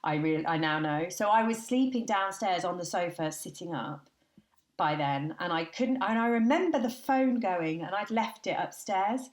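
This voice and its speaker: A woman guest on a podcast, telling lively anecdotes in a chatty way and laughing often. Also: on the low side, normal speed, roomy sound. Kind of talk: chatty storytelling.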